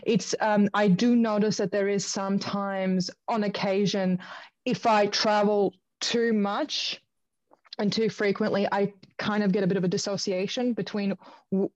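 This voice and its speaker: A woman hosting a casual interview, halting with many fillers and restarts. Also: mid-range voice, flat delivery, darkish tone. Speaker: psychic interviewer. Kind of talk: casual conversation. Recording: dull lo-fi recording.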